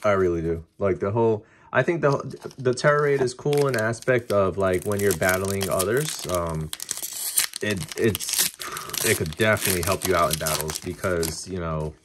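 A man casually talking through a card-opening video, chatty and excitable as he reacts to each pull. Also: low-pitched, normal speed, noisy background.

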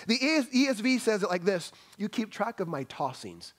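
A man preaching a sermon as pastor, swinging between loud emphatic bursts and soft hushed lines, asking the congregation questions. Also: high-pitched, very animated, normal speed, few pauses. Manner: addresses congregation as family, asks questions. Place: church sanctuary.

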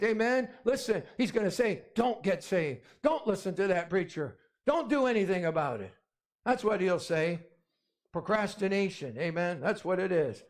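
A man with a high, ringing voice preaches with insistent, repetitive emphasis. He drives points home by repeating phrases and punctuating them with amen. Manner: emphatic, repetitive, calls for amens. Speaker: pastor. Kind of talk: sermon.

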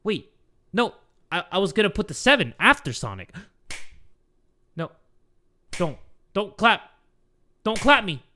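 Excitable, shouty male gamer. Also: sits high, measured pace, pauses often, a little hiss or hum. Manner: excitable, shouty, profane banter at the game. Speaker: gaming YouTuber. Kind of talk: let's-play commentary.

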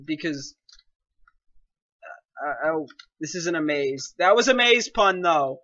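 A young man giving excitable, complaining, self-mocking commentary while playing a game. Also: on the high side, measured pace, no echo, lo-fi sound. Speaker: gaming commentator. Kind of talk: casual gameplay commentary.

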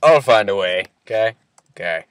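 A man's voice: lowish voice, lively intonation, normal speed, clean tone, dry recording. A man hosting a casual gaming chat, teasing his friend and talking in a put-on accent. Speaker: host.

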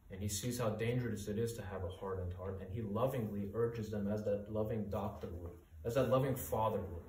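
A man's voice: mid-range voice, darkish tone, recorded from a distance. A male pastor preaching a sermon with urgent, earnest rhetorical questions. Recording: echoey room, voice from off-mic.

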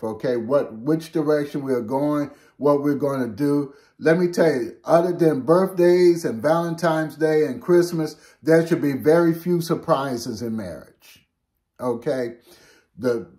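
An older man teaching a Bible lesson at a slow, deliberate pace. His voice sits in an ordinary middle pitch, and he talks conversationally rather than preaching. He pauses often to ask if listeners follow. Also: a little mellow. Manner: slow, unhurried, conversational teaching with frequent "okay?" check-ins. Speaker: pastor.

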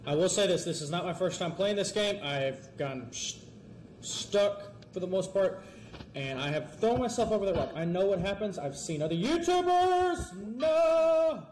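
A man giving let's-play commentary, talking fast and excitably and pleading and yelling at the game. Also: high-pitched, slight background noise. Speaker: gamer.

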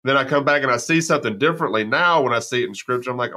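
A man's voice: medium pitch, very fast, pushed and bright. A man hosting a podcast, talking earnestly in long, reflective sentences. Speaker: podcast host. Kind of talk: casual podcast conversation.

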